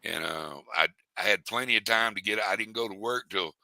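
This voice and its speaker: A middle-aged man with a drawl tells stories in a loose, rambling way. His voice is bright and forceful and a bit low-pitched. The sound is dry and close. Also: brisk, no room sound, low-quality recording. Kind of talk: casual storytelling chat.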